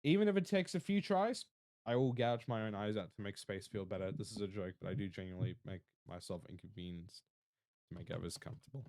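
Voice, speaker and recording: A young man with an Australian accent, chatting casually and rambling to his stream viewers, often swearing and talking fast. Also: fairly low pitch, darkish tone, no room sound, clean studio sound. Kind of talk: casual livestream chat to viewers.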